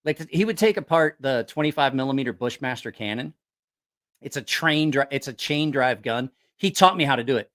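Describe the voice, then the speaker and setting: A man's voice: mid-range voice, a little fast. A man hosting a livestream, telling rambling, profane stories with a laugh, a little tipsy after a few drinks. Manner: lively, profane, laughing storyteller. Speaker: livestream host. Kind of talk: casual storytelling livestream.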